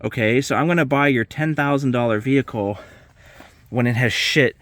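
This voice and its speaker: A man's voice: medium pitch, moderate pace, fairly bright tone, dry recording. A man ranting casually to camera, exasperated and swearing freely about private car sellers. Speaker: vlogger.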